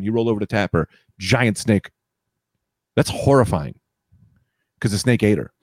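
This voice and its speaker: A man's voice: lowish voice, lively intonation, moderate pace, no echo, clean studio sound. A man hosting a casual comedy podcast, riffing playfully and laughing often. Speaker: podcast host.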